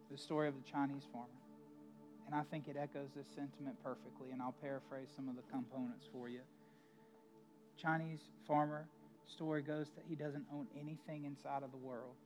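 A man's voice: on the high side, a little mellow. A male pastor preaching a sermon in a conversational storytelling way, with emphatic asides to the congregation.

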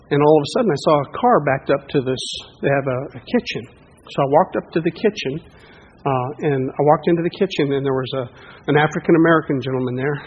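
A middle-aged man preaching a sermon as pastor, telling a story in a folksy, animated way that rises with excitement. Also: on the high side, fast talker, breathy edge. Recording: dull lo-fi recording.

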